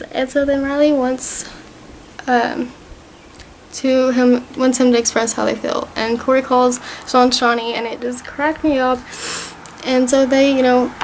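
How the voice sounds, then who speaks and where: A woman's voice: sits high, a little hiss or hum, low-quality recording. A young woman vlogger casually recapping a TV season, rambling and gushing as she retells scenes.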